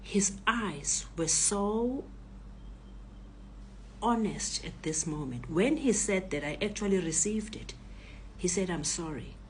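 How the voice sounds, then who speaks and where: A woman in her sixties with a South African accent, a retired professor telling her own story in a hushed, often whispery voice. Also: mid-range voice, expressive, slow pace, long pauses, slight background noise. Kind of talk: personal testimony.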